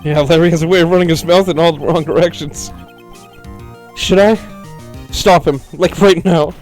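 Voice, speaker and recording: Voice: medium pitch, steady tone, normal speed, a little mellow, soft background music. A let's-play host, a bit sick, joking and swearing in casual game commentary.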